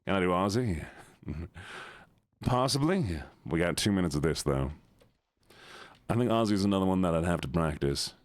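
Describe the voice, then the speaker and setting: A man's voice: low voice, animated, moderate pace, long pauses, dry recording, studio quality. A man streaming games and chatting casually with his viewers in a laid-back, teasing way. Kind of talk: casual chat with viewers while gaming.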